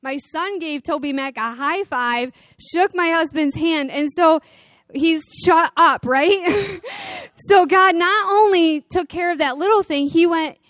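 A middle-aged woman giving a chatty, animated church testimony, telling a story with fillers and laughs. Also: high voice, no echo. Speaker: mission team member sharing testimony.

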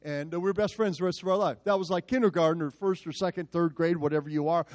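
A male pastor telling a story in a sermon, animated and self-mocking. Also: on the high side, quick pace, few pauses.

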